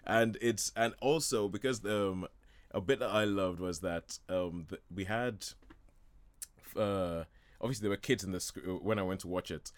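A man's voice: on the low side, moderate pace, dry recording. Enthusiastic man in a dry studio. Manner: enthusiastic, rambling, laughs often. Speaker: film reviewer on a radio show. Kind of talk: casual chat.

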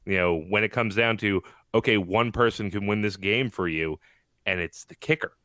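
Male podcast co-host, low pitch, dry close sound, rambling conversational delivery. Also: moderate pace, pushed and bright, no echo. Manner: chatty, laughs often, rambling. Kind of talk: casual chat.

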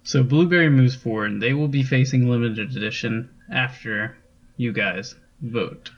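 A man's voice: mid-range voice, unhurried, dull audio. A man co-hosting a podcast, talking in a laid-back, chuckling way as he walks through the bracket. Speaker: podcast co-host. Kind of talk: casual chat.

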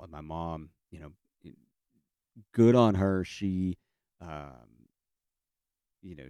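A man with a very low voice tells a personal story in a loose, comic way, full of fillers and self-corrections. He speaks close to the mic with no room sound. He breaks into the voices of the people in his story now and then. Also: darkish tone, clear, resonant tone, no echo. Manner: rambling, many fillers and restarts; acts out family voices in quotes.

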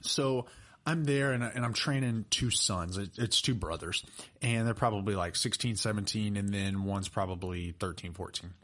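Young man, podcast co-host, lower-pitched, loose animated storytelling. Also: normal speed. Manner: chatty, animated storyteller with laughs and fillers. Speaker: personal trainer and podcast co-host. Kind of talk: casual podcast chat and storytelling.

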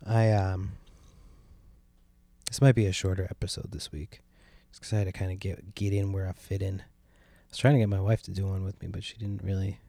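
Man, podcast host, gravelly, dark tone, dry close sound, rambling, profane. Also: low voice, flat delivery, fairly quick, dry recording. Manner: complaining, sardonic. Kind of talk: casual solo podcast rambling. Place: sitting at home by a window.

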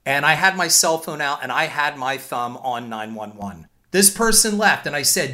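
A filmmaker who hosts his own show tells stories from his career in a monologue, firm and indignant as he lays out his points in numbered order. His slightly high voice is animated, pushed and bright, moving at normal speed with hardly any pauses.

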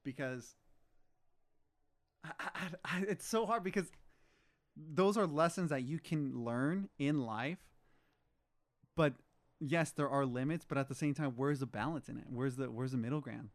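A man's voice: mid-range voice, measured pace, pauses often. A man in casual chat, reflecting on the show and often agreeing in short words. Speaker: podcast co-host.

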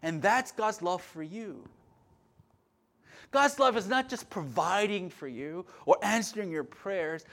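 A man preaching a sermon as pastor, his voice a little high for a man. He swings between loud, emphatic pushes and hushed asides. He often stumbles into restarts and repeated words. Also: lively intonation, a little slow.

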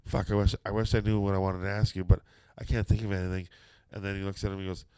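Deep-voiced man telling a profane story. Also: little pitch movement, fast talker, dark tone, clear, resonant tone, no echo, studio quality. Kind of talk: casual anecdote telling.

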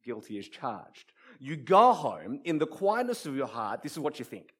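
A man preaching a sermon, telling stories dramatically and building up repeated phrases, shifting from quiet to loud. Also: mid-range voice, sing-song, normal speed, husky. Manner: dramatic storytelling with wide swings from soft to loud; repetitive rhetorical build-ups.

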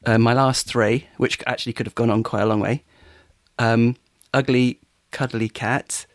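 A man's voice: medium pitch, little pitch movement, normal speed, no echo, studio quality. A man co-hosting a podcast, chatting casually while playing a word game, hesitant and giggly. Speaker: podcast co-host.

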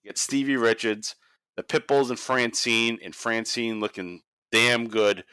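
Brief: laid-back podcast host, crude and joking, with a dry close-mic sound. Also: male voice, mid-range voice, fairly even intonation, unhurried, bright, forceful tone, smooth, no echo. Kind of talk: casual chat.

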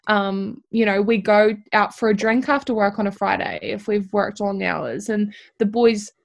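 A woman's voice: medium pitch, moderate pace, creaky. Young woman telling a heartfelt story. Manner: candid and heartfelt, with lots of fillers like "like" and "you know". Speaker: apprentice tradesperson, guest. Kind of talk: emotional personal storytelling.

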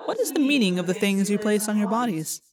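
A woman's voice: mid-range voice, animated, quick pace, a little mellow, lightly acted. A woman reading an audiobook, voicing a solemn, curious young male alien who speaks formally. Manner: formal, careful phrasing.

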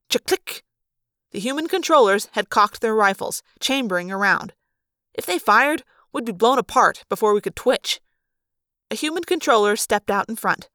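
A woman narrating a first-person adventure story in a fan audiobook, in a steady, expressive storytelling manner. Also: fairly high pitch, no room sound, clean studio sound.

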